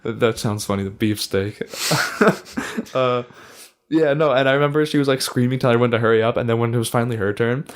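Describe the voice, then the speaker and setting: A man's voice: mid-range voice, brisk. A man about twenty, co-hosting a podcast, telling a funny story with lots of laughter and swearing. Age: young adult. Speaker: podcast co-host. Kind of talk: casual chat.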